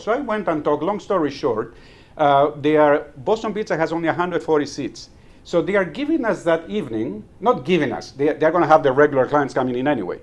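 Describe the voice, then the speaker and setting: Chuckling man telling anecdotes, fairly high voice. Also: animated, brisk. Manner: storyteller acting out dialogue, chuckling at his own jokes. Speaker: club member giving a talk. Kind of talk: humorous club speech telling anecdotes. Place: meeting room.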